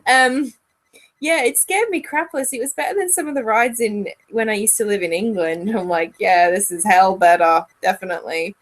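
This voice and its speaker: A woman's voice: on the high side, normal speed, fairly bright tone. A young woman co-hosting a casual podcast chat, giggly and rambling, often trailing off mid-thought. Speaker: podcast co-host.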